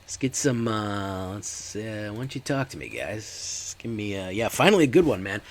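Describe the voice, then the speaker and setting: Deep gravelly man streaming a card game. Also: sing-song, normal speed. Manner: chatty, talks to live chat. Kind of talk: casual gameplay commentary.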